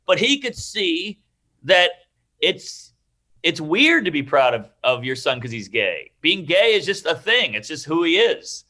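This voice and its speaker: A man's voice: a little high, measured pace. A man in his thirties, a stand-up comedian chatting casually as a podcast guest, acting out the people in his stories. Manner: animated, acts out quoted voices.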